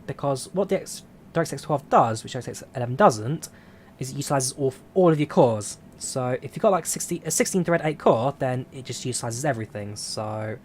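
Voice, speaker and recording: Casting: easygoing male streamer at mid pitch, rambling through chat questions with a faint hum underneath. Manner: relaxed, rambling, answers viewer questions. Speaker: flight sim streamer. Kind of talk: casual live-stream chat.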